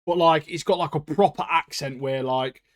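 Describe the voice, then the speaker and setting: A man co-hosting a podcast in casual chat, slangy and excitable, laughing often. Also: fairly high pitch, normal speed. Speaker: podcast co-host.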